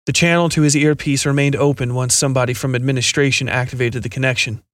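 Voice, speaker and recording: A man narrating a scripted science fiction horror story in a steady, measured reading. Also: mid-range voice, dry recording, studio quality.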